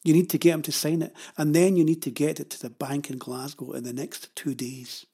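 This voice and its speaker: A man reading aloud voices a cheeky, self-assured young boy in a storybook. He teases and prods with knowing calm, in a slightly husky, fairly high tone. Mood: teasing. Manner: teasing, knowing, unhurried.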